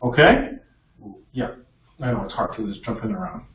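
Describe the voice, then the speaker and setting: A man's voice: lowish voice, sing-song, moderate pace. A man coaching a piano student in a masterclass, encouraging and checking in often with "okay?". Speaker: piano teacher leading a masterclass. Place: music studio indoors with a piano. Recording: distant, roomy and dull with piano behind.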